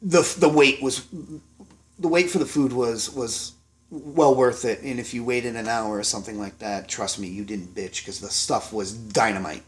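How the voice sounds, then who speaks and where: A man's voice: medium pitch, steady tone, moderate pace. A man in his forties, a chef, telling kitchen stories in a rambling, profane, casual way, full of ums and restarts. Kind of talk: casual storytelling to camera.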